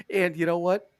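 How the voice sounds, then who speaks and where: A man's voice: medium pitch, no room sound, clean studio sound. A man co-hosting a podcast in casual chat, rambling, swearing a lot and laughing often, talking from a bathroom. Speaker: podcast co-host.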